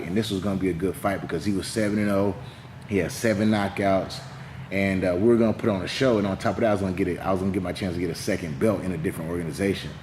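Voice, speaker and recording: Man, very deep voice, rambling interview story, echoey room. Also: a little mellow, a little hiss or hum. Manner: rambling, filler-heavy storytelling with quoted dialogue. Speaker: heavyweight fighter. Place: gym.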